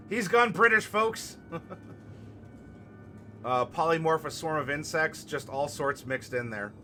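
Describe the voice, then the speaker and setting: A man hosting a casual live stream and answering viewer comments, playful and fond of puns, turning gentle and consoling when a viewer is sad. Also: a little high, expressive, slow, long pauses. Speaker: streamer hosting a tabletop game channel. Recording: music playing clearly behind the voice.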